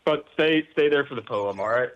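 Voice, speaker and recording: A man's voice: medium pitch, moderate pace, dull audio. A male caller who keeps giggling as he jokes and reads to the host. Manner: giggly, joking.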